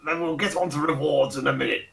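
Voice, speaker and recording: A man's voice: fairly high pitch, steady tone, quick pace, gravelly, a bit bright, far from the mic, voice pushed up. A man doing a pompous, flustered old lord. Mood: apologetic. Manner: flustered, fussy and apologetic, sudden swearing. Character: pompous fat old male lord with monocle.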